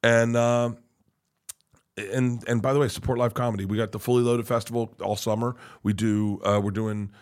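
Loud, fast-talking male comedian guest, mid-range voice, swears freely. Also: medium pitch. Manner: excitable, swearing, rushed. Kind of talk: casual chat.

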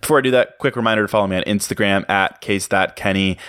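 A man's voice: on the low side, quick pace, fairly bright tone, smooth, no room sound, clean studio sound. A young man hosting his own podcast, musing in a casual, self-mocking, rambling way with plenty of fillers. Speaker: podcast host. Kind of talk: casual solo podcast monologue.

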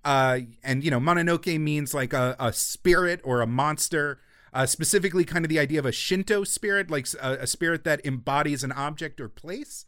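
Male co-host, slightly high voice, rambling and wry, dry close mic. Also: fairly quick, fairly bright tone, clean tone, no echo. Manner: rambling, many filler words, wry. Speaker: podcast co-host. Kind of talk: casual film discussion.

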